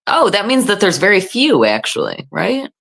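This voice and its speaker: Woman, livestream host, casual chat, self-deprecating, lots of fillers, lively pitch swings. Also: normal speed, vocal fry. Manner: animated, self-deprecating, chatty with many fillers.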